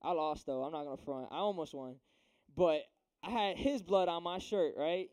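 A man's voice: a little high, moderate pace, a little mellow, clean tone. A young man giving a casual youth sermon, slangy and chatty, often checking in with "right?". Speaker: youth preacher.

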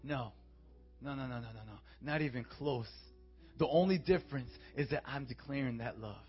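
A young man preaching as a youth pastor, calling for amens and swinging from quiet, intimate talk to shouted declarations. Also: mid-range voice, normal speed, slightly rough. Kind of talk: sermon. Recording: dull, muffled sound with faint music.

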